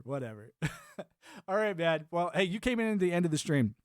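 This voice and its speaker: Guy streaming, talks in loops, keeps laughing, kinda high voice, dead dry mic. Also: normal speed, pauses often, dry recording. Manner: rambling, laughs often, animated swings. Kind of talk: casual live-stream chat.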